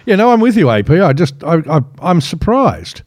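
A man co-hosting a podcast in casual comic banter, his pitch swinging widely as he talks. He sounds wry and mock-serious, recorded close on a dry mic with no room sound. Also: big pitch swings, normal speed, darkish tone, dry recording. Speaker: podcast co-host.

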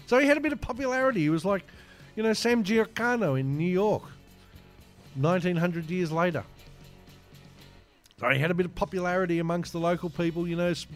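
A man's voice: high voice, a little fast, pauses often, soft background music. A man co-hosting a show, giving an irreverent, profane comic retelling full of rambling asides. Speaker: podcast co-host.

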